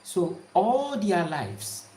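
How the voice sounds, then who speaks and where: A woman's voice: on the low side, sing-song, very slow, warm tone. A woman giving an emphatic, repetitive spiritual talk to her viewers. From Ghana. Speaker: spiritual speaker. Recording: roomy echo.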